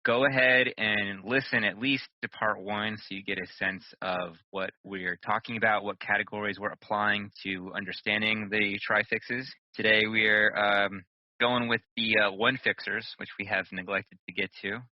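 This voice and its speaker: A man's voice: on the low side, little pitch movement, normal speed, no echo, lo-fi sound. A man hosting a podcast, chatting casually and teasing his co-hosts. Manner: jokey, teasing. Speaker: podcast host.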